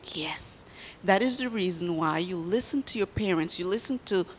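A woman's voice: fairly low pitch, animated, moderate pace, long reverb tail, a little hiss or hum. A woman giving a children's sermon in church, telling a story and quizzing the kids as she goes.

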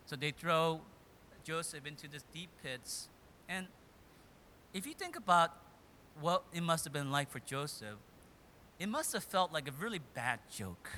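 A man preaching a sermon, retelling a story dramatically and swinging between loud and hushed delivery. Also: a little high, big pitch swings, unhurried, pauses often, slight background noise.

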